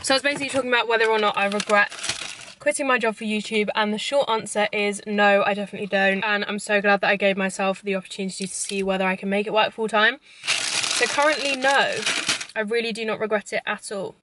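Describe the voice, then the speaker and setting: A woman's voice: mid-range voice, steady tone, quick pace, noisy background. A young woman chats casually to camera from her parked car while eating. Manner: chatty, eating while talking. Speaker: YouTuber.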